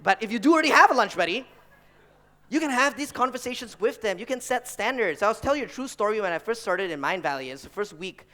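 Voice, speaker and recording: A man in his thirties speaks to an audience, turning business advice into stories and acting out the people in them. His voice sits a bit high and sounds bright and forceful. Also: fast. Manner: animated storyteller who acts out family members and colleagues. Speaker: entrepreneur giving a talk. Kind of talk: stage talk with acted anecdotes.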